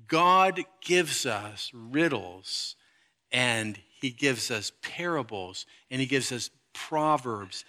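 A middle-aged man preaching a conversational sermon, animated and casual, acting out asides and sound effects. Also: fairly high pitch. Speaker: pastor.

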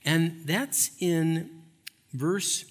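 A man preaching a sermon, emphatic, repeating phrases and swinging between loud and hushed. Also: on the high side, extremely slow, husky, long reverb tail. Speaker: pastor.

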